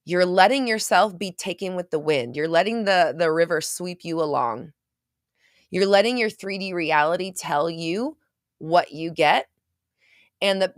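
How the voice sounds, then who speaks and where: A woman's voice: on the low side, no room sound, clean studio sound. A woman hosting a casual livestream as a manifestation coach, chatting, laughing often and reading viewer comments aloud. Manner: chatty and animated, laughs often, frequent fillers and some swearing. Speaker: manifestation coach and show host.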